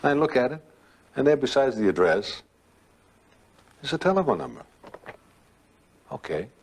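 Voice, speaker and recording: An older man telling a ghost story in a rambling, conversational way, with dramatic pauses and acted-out quotes. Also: mid-range voice, big pitch swings, a little mellow, husky.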